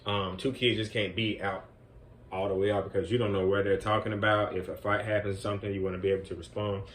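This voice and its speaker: A man's voice: fairly low pitch, little pitch movement, quick pace, a bit bright. Easygoing man telling a work story. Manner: loose and conversational, with many fillers like "man" and "you know". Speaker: group home residential counselor. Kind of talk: casual storytelling vlog.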